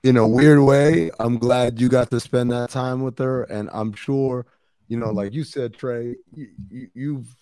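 A man's voice: medium pitch, fairly even intonation, unhurried, warm tone, dry recording, clean studio sound. A man co-hosting a podcast, answering in casual chat with short, supportive replies.

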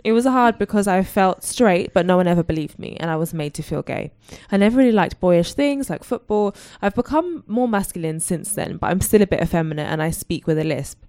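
A woman's voice: on the low side, expressive, fairly quick, few pauses, a little mellow, no echo, clean studio sound. A woman co-hosting a podcast, casually chatting and reading listener letters aloud. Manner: reads letters aloud, breaking into laughter. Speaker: podcast co-host.

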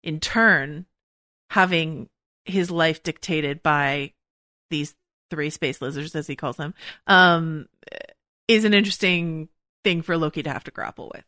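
Podcast host, woman, lower register, bright tone, rambling and self-correcting, dry studio sound. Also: unhurried, long pauses, no room sound. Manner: rambling, thinking aloud with many restarts. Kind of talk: casual chat.

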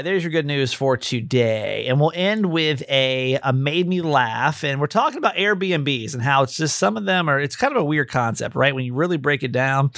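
A man's voice: mid-range voice, creaky, a bit bright, no room sound, clean studio sound. A man hosting a podcast in a chatty, rambling monologue, often restarting his sentences. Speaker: podcast host.

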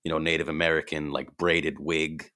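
Bright-voiced man telling animated stories. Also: a bass voice, normal speed. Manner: animated, acts out voices in his anecdotes. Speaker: improv performer and actor. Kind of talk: casual storytelling chat.

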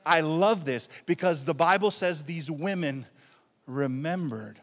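A male pastor preaching a sermon to his congregation, calling out for responses and building excitement. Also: a little high, a little slow. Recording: long hall reverb.

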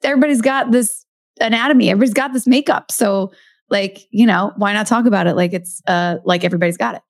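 A woman's voice: medium pitch, fast talker, dry recording. Giggly woman co-host, dry close sound. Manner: giggly, exclamatory. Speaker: podcast co-host. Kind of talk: casual chat.

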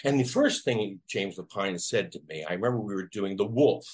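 Animated husky-voiced man telling a story. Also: fairly low pitch, brisk. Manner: animated, acts out quoted voices. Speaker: actor guest. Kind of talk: casual storytelling in an interview.

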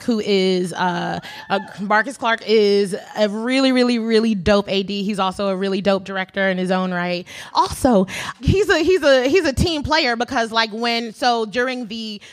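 A woman in her thirties is chatting in an interview. She tells rambling, lively stories and laughs often between lines. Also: fairly high pitch. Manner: rambling, animated storytelling with laughter. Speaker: director being interviewed. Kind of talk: casual interview chat.

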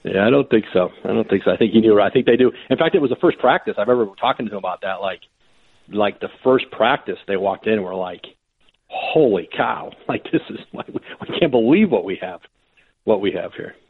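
Male sports reporter guest, husky, storytelling on a tinny phone line. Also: on the low side, fast, no room sound. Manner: animated anecdotes with quoted voices and frequent restarts. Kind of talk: conversational storytelling.

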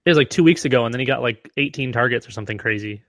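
Man, mid pitch, dry sound, podcast co-host, laid-back, teasing. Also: rapid-fire, a bit bright, no echo, muffled recording. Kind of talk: casual sports podcast chat.

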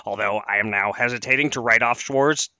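A man hosting a boxing podcast, briskly reading announcements and teasing his co-host. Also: mid-range voice, pushed and bright, no room sound. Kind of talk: news segment and chat.

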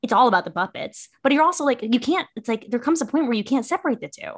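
A woman's voice: fairly high pitch, lively intonation. A woman who acts on stage, co-hosting a casual chat about theater in an emphatic, opinionated way. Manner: opinionated, emphatic, quick to laugh. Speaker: podcast co-host.

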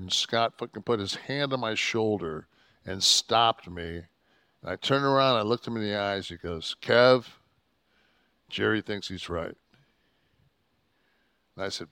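A man's voice: on the low side, measured pace, vocal fry, pauses often, bright, forceful tone, dry recording. A man co-hosting a podcast, telling a story in a profane, heated, rambling way. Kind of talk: casual storytelling chat.

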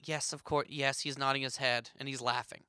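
A man co-hosting a comedy podcast, teasing and playing along deadpan in casual banter. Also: mid-range voice, fairly quick, dry recording, clean studio sound. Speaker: podcast co-host.

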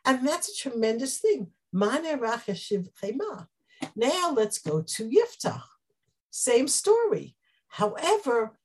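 Animated, husky-voiced woman teaching a Bible class. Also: on the high side. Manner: animated, acts out quoted speech; explanatory, with Hebrew terms.

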